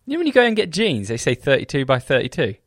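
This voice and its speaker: A young man co-hosting a casual podcast, quiet and self-deprecating in banter. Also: medium pitch, wildly swooping pitch, quick pace, dry recording, clean studio sound. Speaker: podcast co-host. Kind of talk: casual chat.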